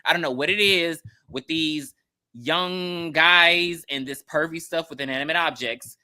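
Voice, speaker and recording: A woman's voice: low-pitched, a little slow, bright, forceful tone. A woman co-hosting a podcast, recapping a movie in casual chat with wry asides and laughs. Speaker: podcast co-host.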